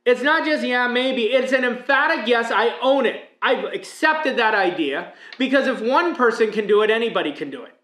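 Emphatic motivational coach, echoey room. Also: male voice, very high voice, animated, moderate pace, hardly any pauses, fairly bright tone. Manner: emphatic, preaching, rhetorical questions. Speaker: mindset coach. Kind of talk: motivational speech.

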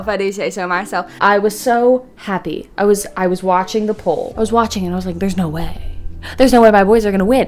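Playful young woman chatting to camera. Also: mid-range voice. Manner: playful, goofy, rambling fan chatter with jokey voices. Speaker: art vlogger. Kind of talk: casual chat to camera.

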